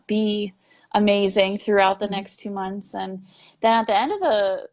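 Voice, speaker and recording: A woman's voice: mid-range voice, darkish tone. Chatty young woman, full of fillers. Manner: chatty, many fillers and "like", laughs often. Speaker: psychic medium telling her story. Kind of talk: casual interview chat.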